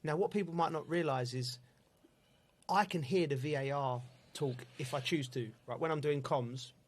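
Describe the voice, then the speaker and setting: A man, a football pundit and co-host telling stories in lively casual chat, laughing often and acting out exchanges. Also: a little high, normal speed. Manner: animated storyteller, laughs often, acts out exchanges.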